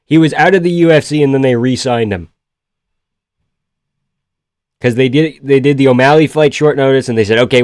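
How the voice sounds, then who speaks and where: A man doing casual, profane live-stream commentary on a fight from a room in his house. He shouts at big moments and talks low between them. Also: no room sound, clean studio sound. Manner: excitable, profane, yells at the screen then chats quietly.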